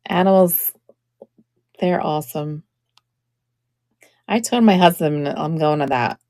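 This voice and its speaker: A middle-aged woman selling vintage jewelry on a live stream, chatting in an admiring, unhurried way. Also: low-pitched, a little mellow, no room sound, clean studio sound. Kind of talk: live-stream sales chat.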